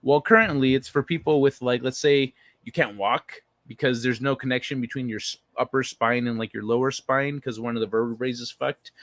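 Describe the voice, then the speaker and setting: A man in his own casual livestream voice, neither high nor low, riffing on chat messages with blunt, profane remarks. The sound is close and dry, with no room echo. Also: steady tone, brisk, a bit bright. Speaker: livestream host reading chat.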